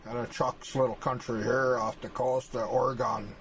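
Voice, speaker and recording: A man's voice: mid-range voice, flat delivery, normal speed, a little hiss or hum, poor audio. A male streamer rambles through a boastful, profane, mock-serious comic rant while drawing a map.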